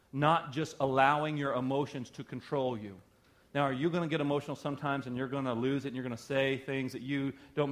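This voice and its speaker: A middle-aged male pastor preaching a sermon in a conversational, emphatic way, often asking rhetorical questions. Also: medium pitch.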